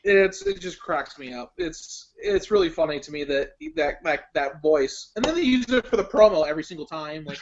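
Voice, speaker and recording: Animated high-voiced young man. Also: moderate pace, creaky, few pauses. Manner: animated storyteller, breaks into laughs. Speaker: guest contestant. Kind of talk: casual interview chat. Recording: dull lo-fi web stream audio.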